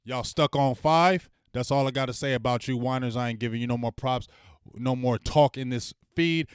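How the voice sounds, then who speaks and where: A man hosting a fan channel, ranting bluntly and with plenty of swearing as he heckles rival fans and shouts out viewers in his live chat. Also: medium pitch, fairly quick, smooth, no room sound, clean studio sound. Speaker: sports fan channel host.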